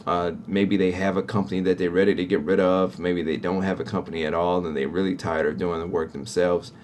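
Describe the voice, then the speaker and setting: A man's voice: deep voice, steady tone, a little fast, darkish tone, a little hiss or hum. A man who runs a cleaning company, talking conversationally to viewers about winning contracts and often checking in with "right?". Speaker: business owner teaching sales to cleaning-company owners. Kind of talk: casual instructional talk to viewers.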